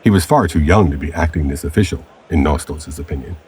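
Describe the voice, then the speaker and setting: A man narrating a scripted audio adventure story in a measured storytelling manner. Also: very deep voice, a little mellow, a little hiss or hum.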